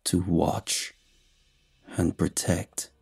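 A man voicing a menacing ancient shapeshifting being who poses as a male hermit, speaking slowly, low and ominous. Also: little pitch movement, vocal fry, a little mellow, breathy edge, full character voice.

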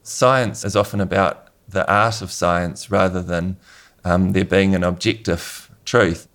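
A man's voice: sits low, fairly even intonation, unhurried, a bit bright. A man with a New Zealand accent, a researcher answering interview questions in a hesitant, good-humoured way. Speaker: researcher guest.

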